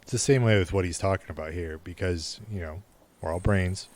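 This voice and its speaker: A man from the American Midwest explains his views plainly in a casual podcast chat. His voice is very deep and low. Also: fairly quick, a little mellow. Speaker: podcast co-host.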